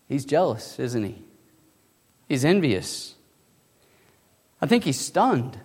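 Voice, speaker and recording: A man pastor preaching a sermon, throwing out rhetorical questions and swinging between quiet asides and loud emphasis. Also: mid-range voice, big pitch swings, takes it slowly, pauses often, husky, long reverb tail.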